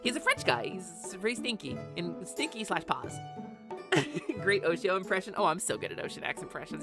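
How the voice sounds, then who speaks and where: A woman streaming live and chatting casually with her viewers, excitable and talkative, swearing freely and breaking into sudden squeaky outbursts. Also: moderate pace, over music. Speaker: VTuber streamer. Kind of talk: casual livestream chat.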